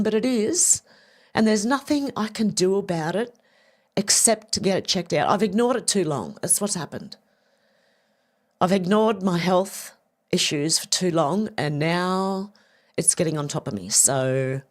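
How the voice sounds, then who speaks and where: A woman's voice: mid-range voice, expressive. Chatty Australian woman on a livestream. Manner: rambling, chatty, repeats herself, quick laughs. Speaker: livestream host. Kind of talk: casual livestream chat reading viewer comments.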